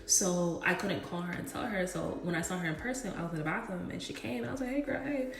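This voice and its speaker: A young woman chatting casually as a vlogger, retelling a story in an animated, slangy way. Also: lowish voice, quick pace. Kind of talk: casual storytime while getting ready. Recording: roomy echo with faint music.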